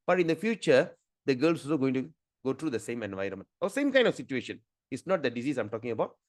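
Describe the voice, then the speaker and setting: A man's voice: medium pitch, dry recording. A middle-aged man teaching a scripture class over a video call, telling stories and often repeating and restarting his phrases. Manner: repeats words and restarts phrases, rambling storytelling. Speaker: spiritual teacher.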